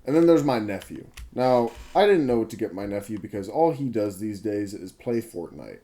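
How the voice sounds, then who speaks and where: A gaming video creator in his twenties, sleep-deprived after being up all night, chats casually and a little ramblingly over his gameplay. He often corrects himself and swears freely, his lowish, warm voice moving at a moderate pace with lively intonation.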